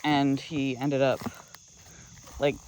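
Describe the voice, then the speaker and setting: An adult vlogger vents in frustration while walking a woodland trail, talking at an ordinary mid pitch in a level tone. The speech is loose and halting, full of fillers and restarts. The recording is rough, with insects and crickets humming faintly in the background.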